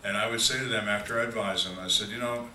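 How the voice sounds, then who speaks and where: Older guy telling cop stories to a crowd, low bright voice, echoey room mic'd from far off. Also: fairly even intonation, fast talker, a little hiss or hum. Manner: dry, plainspoken storyteller acting out quoted voices. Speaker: retired homicide detective speaking to fans. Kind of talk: storytelling Q&A talk. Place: large hall on a cruise ship.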